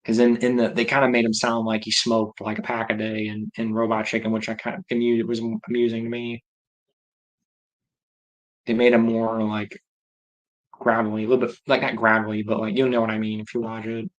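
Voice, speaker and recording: This man's voice is fairly low, monotone, and a little fast, heard through a low-quality recording. He hosts a livestream, rambling and chatting casually as he responds aloud to viewer comments.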